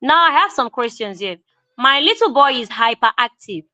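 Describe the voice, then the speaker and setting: A woman with a Nigerian English accent teaching an online grammar lesson, repeating key phrases slowly for emphasis. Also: high-pitched, very animated, bright, forceful tone, dry recording, rough recording.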